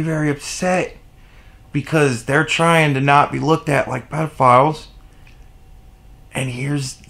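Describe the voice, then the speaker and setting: A man's voice: high voice, fairly bright tone. A man delivering an exasperated, profane opinion rant on his vlog, with sarcastic asides. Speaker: vlogger.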